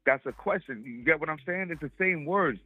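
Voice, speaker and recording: A man calling in over a tinny phone line, talking in a laid-back, slangy way. His voice is a little high and dry. Faint music sits behind the call. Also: lively intonation, a little fast, no room sound. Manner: laid-back slangy explaining, many fillers. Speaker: caller.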